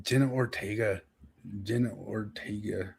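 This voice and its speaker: A man's voice: fairly low pitch, fairly even intonation, unhurried, gravelly, breathy edge. A man co-hosting a podcast in casual chat, joking and rambling with frequent laughs. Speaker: podcast co-host.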